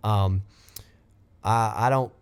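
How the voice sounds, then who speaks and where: A man's voice: extremely slow, clean tone. Fervent man preaching informally. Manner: fervent, exclaiming, lifts pitch when quoting scripture; rambling with restarts and asides. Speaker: podcast host teaching the Bible. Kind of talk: informal sermon.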